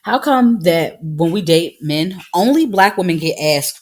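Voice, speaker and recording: Sassy husky woman in her thirties. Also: lowish voice, expressive, normal speed, darkish tone. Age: 30s. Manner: sassy, emphatic, laughing storyteller. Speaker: podcast co-host. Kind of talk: casual chat.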